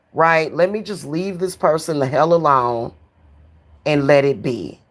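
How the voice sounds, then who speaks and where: Ranting casually from home, a spiritual reader and vlogger is blunt and profane, hammering phrases by repeating them. Her voice sits low at a measured pace, with no echo.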